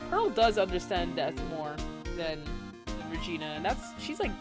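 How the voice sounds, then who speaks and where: A woman's voice: lowish voice, big pitch swings, normal speed. A young woman streamer giving chatty, rambling commentary while she plays a game. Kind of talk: casual gameplay commentary. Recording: game music playing behind.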